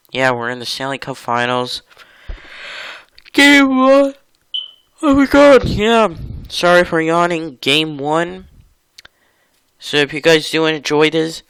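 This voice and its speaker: A man hosting his own gaming channel, commenting casually over a hockey video game in a rambling, chatty way with sudden excited outbursts. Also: mid-range voice, clean tone, no echo.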